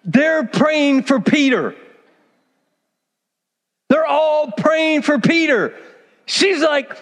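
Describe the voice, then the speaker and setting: A man preaching a sermon, telling a scripture story with lively acted-out asides and direct questions to the congregation. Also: extremely high pitch, drawn-out words, long pauses. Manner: animated storytelling, acts out characters. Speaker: pastor. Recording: long hall reverb.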